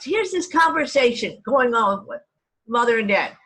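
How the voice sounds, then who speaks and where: A woman's voice: high-pitched, expressive, normal speed, fairly bright tone, poor audio. Older woman from Texas, meandering reminiscence. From Dallas, Texas. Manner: meandering, frequent restarts and self-corrections. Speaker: family storyteller. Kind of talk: reminiscing oral history.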